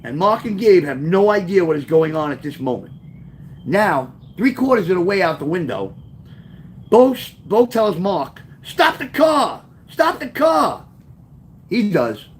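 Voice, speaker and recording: A man reading his own memoir aloud, telling the story with lively, offhand asides. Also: sits high, moderate pace. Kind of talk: first-person memoir storytelling.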